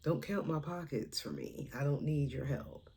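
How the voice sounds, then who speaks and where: A woman's voice: sits low, expressive, normal speed, gravelly, mellow, breathy edge. A woman vlogger and stand-up comedian chatting casually to camera. She rambles, laughs often and drops into whispers. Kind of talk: casual spiritual chat to camera.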